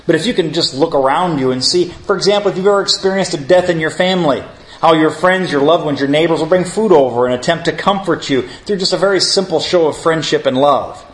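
A man's voice: fairly high pitch, fast. A man leading a theology class, opening in prayer and then lecturing earnestly, calling his listeners friends. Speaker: Bible teacher.

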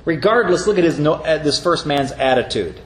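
A man's voice: a little high, animated, a little fast, slight background noise. A man preaching a sermon as pastor, earnest, reading scripture aloud and explaining it. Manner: earnest, reads scripture aloud with brief mocking voices. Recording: echoey room with faint ambience.

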